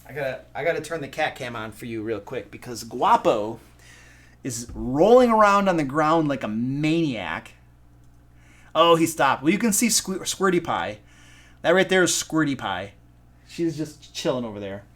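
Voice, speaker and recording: A man from Michigan with a Michigan accent, hosting a casual live stream as a dungeon master, excitable, goofy and self-deprecating. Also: medium pitch, normal speed. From Michigan, USA. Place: home room.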